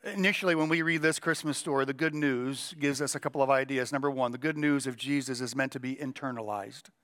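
A middle-aged male pastor preaching a sermon with a strained, cracking voice, emphatic and slowing down to stress key lines. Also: medium pitch, fairly even intonation, a bit bright. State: voice cracking, throat clearing.

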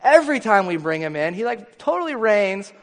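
A man playing an exasperated, boastful ancient king, speaking loudly and indignantly. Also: sits high, fairly quick. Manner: loud, indignant, excitable. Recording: long hall reverb.

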